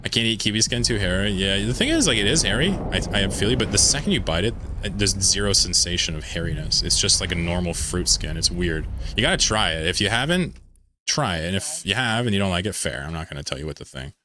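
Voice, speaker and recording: Casting: deep, bright-toned man with a mid-Atlantic American accent, rambling streamer chatter, faint background noise. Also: expressive, fast. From Pennsylvania, United States. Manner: rambling, jokey, reads chat aloud. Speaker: game streamer. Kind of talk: casual live-stream chat while gaming.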